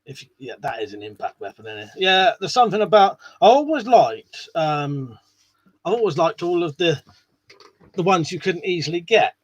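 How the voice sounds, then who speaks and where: A man's voice: fairly high pitch, sing-song, normal speed, no room sound. A man hosting a casual live stream, chatting to viewers in a rambling way and swearing now and then. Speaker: live stream host reading chat.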